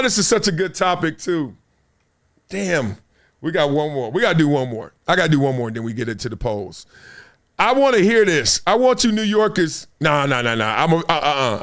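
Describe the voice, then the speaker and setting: A man's voice: a little high, very animated, a little fast, fairly bright tone. A fifty-year-old man hosting a podcast, telling slangy stories, acting out the voices in them and laughing often. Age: 50s. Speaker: podcast host. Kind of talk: animated storytelling.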